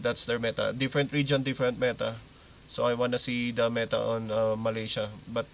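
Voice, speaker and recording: Male esports coach, mid pitch, instructive team-meeting delivery that drills terms home. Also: background noise. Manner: instructive, repeats key terms, checks in with listeners.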